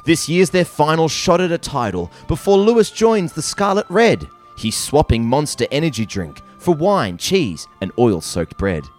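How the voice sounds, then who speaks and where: Man, comedy podcast co-host, very animated intonation, slightly high, playful, faint music behind. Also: normal speed, hardly any pauses. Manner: playful, mock-earnest poem reading.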